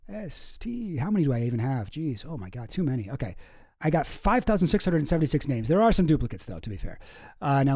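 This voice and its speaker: A man's voice: medium pitch, gravelly, mellow, dry recording, studio quality. A man hosting a casual comedy commentary, reading cartoon captions aloud in a wry, rambling way and slipping into silly voices. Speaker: host.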